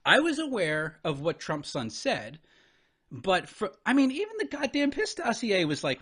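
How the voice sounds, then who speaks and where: A man's voice: high voice, wildly swooping pitch, fairly bright tone, husky. A man giving a profane, incredulous commentary as he reacts to a debate clip, swearing and venting in disbelief. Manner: exasperated, incredulous, swearing, talks over paused clips.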